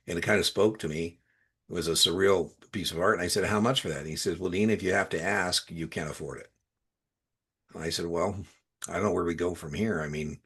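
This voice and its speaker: A man's voice: deep voice, slightly rough. A man tutoring students for a securities exam, mixing explanations with casual anecdotes and dropping his voice for asides. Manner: storytelling, conversational, drops to quiet asides.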